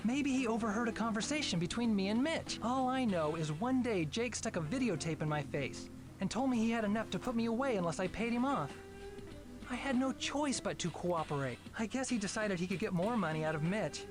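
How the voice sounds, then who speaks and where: An actor playing a charming, flattering young man in a mystery video game. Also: high voice, brisk. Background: game music.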